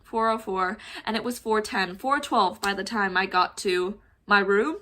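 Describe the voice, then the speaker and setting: A young adult woman telling a story in a casual vlog, animated and swearing, laughing as she goes. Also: medium pitch, unhurried, a little hiss or hum. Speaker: vlogger.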